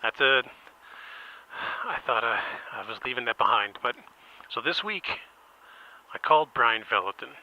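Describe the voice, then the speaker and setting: A man hosting a paranormal podcast, telling an improvised comedic phone-call story and acting out both sides with bursts of shouted swearing. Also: mid-range voice, animated, normal speed, long pauses. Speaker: podcast host.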